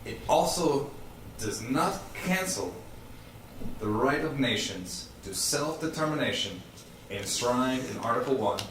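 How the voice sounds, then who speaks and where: A man's voice: mid-range voice, expressive, roomy sound, recorded from a distance, noisy background, close to an everyday voice. A man doing a stern Russian-accented statesman. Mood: solemn. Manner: slow, solemn reading in a put-on Russian accent. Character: male head of state giving a formal war speech.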